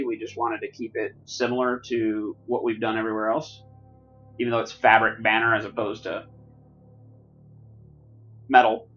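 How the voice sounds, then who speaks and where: A man co-hosting a live painting stream, chatting casually and thinking aloud as he works. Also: medium pitch. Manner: relaxed, rambling, thinks aloud. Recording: dull lo-fi stream audio.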